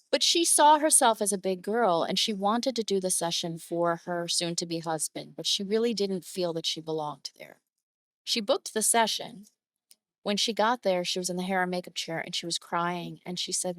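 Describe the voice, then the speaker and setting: Woman photographer chatting on a podcast, lowish voice, dry close sound, gets lively quoting clients. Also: no echo. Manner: warm, emotive, animated when quoting clients. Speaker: boudoir photographer, guest. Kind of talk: conversational interview storytelling.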